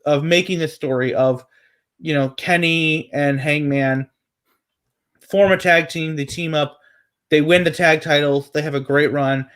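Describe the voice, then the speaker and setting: A man's voice: fairly high pitch, steady tone, unhurried, a bit bright. A man co-hosting a casual wrestling predictions chat, rambling with many fillers and restarts.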